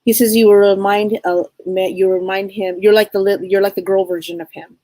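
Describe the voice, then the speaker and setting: A woman giving a psychic reading on a live stream, talking in a rambling, halting way with many restarts. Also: medium pitch, steady tone, warm tone, no room sound. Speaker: psychic medium.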